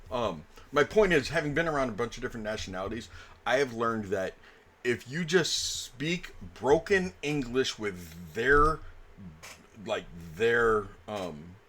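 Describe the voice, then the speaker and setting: A man's voice: medium pitch, expressive, a little slow, a bit bright. A man serving as game master, chatting casually and rambling through a story with lots of fillers. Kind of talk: casual table chat between game sessions.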